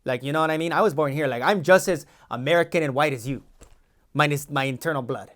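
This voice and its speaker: A man plays a cocky young immigration agent with a Los Angeles valley accent, rambling on in an improvised comedy sketch. He sounds defensive, slangy and boastful, and his voice sits a little higher than most men's. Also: fast, fairly bright tone, close to an everyday voice. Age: 20s. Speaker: podcast co-host.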